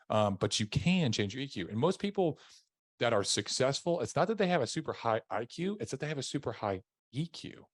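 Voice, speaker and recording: A man from Tennessee with a deep voice, talking as a podcast guest in a softened, lowered tone, with frequent restarts. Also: no room sound, clean studio sound. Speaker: podcast guest, army veteran. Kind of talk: casual interview chat.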